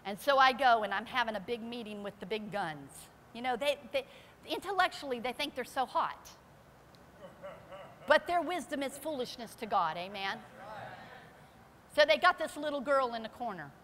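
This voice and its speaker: A woman pastor giving a fervent testimony sermon in a church service, her preaching climbing into shouted praise. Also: fairly high pitch, expressive, moderate pace, big-room sound, slight background noise. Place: church sanctuary during a service.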